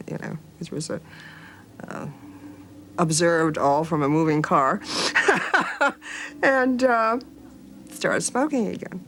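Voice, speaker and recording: A woman with a very low voice tells a wry story in a documentary interview. She hesitates now and then and speaks as a smoker. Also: very animated, slow, pauses often, a bit bright, a little hiss or hum.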